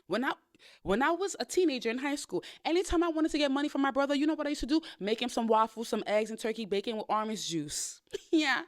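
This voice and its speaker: A woman's voice: on the high side, fast talker, no room sound, clean studio sound. Blunt, sassy woman podcast host. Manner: blunt, sassy and profane, big-sister tone; animated storytelling with playful quoted voices. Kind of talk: candid advice monologue.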